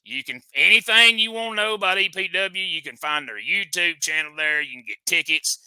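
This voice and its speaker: A man's voice: sits high, animated, a little fast, pushed and bright, clean tone, dry recording. A man hosting a comic show, needling his guest in boastful country banter. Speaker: host.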